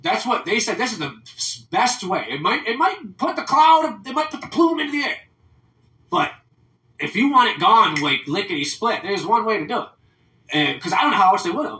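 Podcast host, American man, profane and animated, mocks others' voices; bright tone, roomy room. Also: high voice. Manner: profane, animated ranting with mocking quoted voices. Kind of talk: casual podcast rant. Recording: roomy, mic at a distance.

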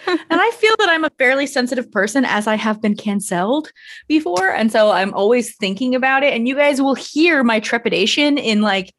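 A woman's voice: on the high side, a little fast. Candid, profane young woman podcaster. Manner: candid, profane, animated storytelling. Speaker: podcast co-host. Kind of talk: casual chat.

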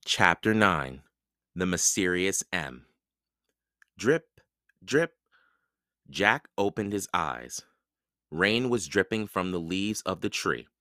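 A man hosting a podcast and reading a children's book aloud with slow, expressive storytelling. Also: low voice, dry recording, studio quality. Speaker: podcast host and reader.

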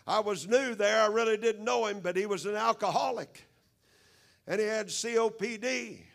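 A middle-aged male preacher with a high, gravelly voice. He preaches with fervor, scattering amens through every stretch of his sermon. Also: fairly bright tone. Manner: fervent, punctuated with frequent amens. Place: church service.

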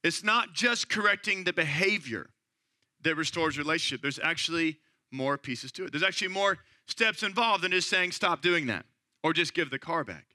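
A man in his thirties preaching a sermon in an easygoing storytelling style, often checking in with "right?". His voice is high for a man and very bright, recorded close and dry. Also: normal speed, dry recording. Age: 30s. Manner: conversational storytelling, frequent "right?" asides. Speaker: pastor.

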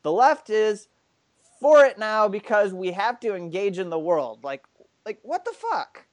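A man with a fairly high voice argues indignantly on a political talk show, firing off rhetorical questions. The sound is close and dry. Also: big pitch swings, a little slow, dry recording. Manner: indignant, reads his own post aloud, then argues with rhetorical questions. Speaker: political commentary co-host.

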